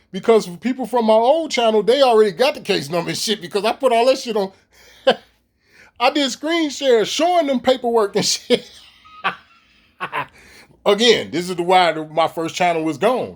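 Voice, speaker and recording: A middle-aged man, ranting profanely and animatedly straight to his viewers in a casual vlog. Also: very high-pitched. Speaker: vlogger. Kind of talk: casual ranting monologue to camera.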